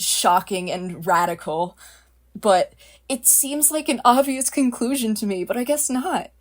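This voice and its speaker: A young woman vlogger giving blunt, exasperated opinion commentary, swearing freely. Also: mid-range voice.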